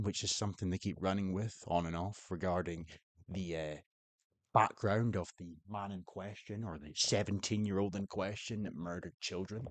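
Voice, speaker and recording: A man's voice: on the low side, no room sound. Blunt, sweary man. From Scotland. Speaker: political commentator. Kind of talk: opinionated commentary.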